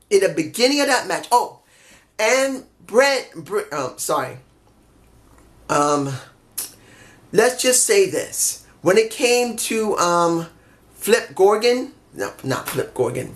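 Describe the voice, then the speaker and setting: Excitable, swearing wrestling reviewer. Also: male voice, high-pitched. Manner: excitable, swears a lot, laughs often. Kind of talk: casual vlog review.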